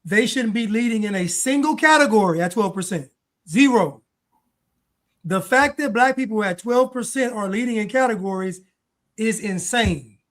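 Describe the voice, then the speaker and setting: A man's voice: high voice, animated, moderate pace, fairly bright tone. A man hosting a livestream talk show, making emphatic, preachy points and repeating them. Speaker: show host. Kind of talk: livestream commentary.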